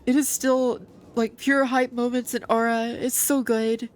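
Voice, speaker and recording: A woman's voice: fairly high pitch, flat delivery, measured pace. A woman streamer chatting casually and playfully while playing a game.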